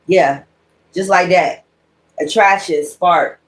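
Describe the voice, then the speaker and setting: A woman's voice: lowish voice, slow pace. Blunt, profane woman reading tarot. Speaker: tarot reader. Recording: echoey room.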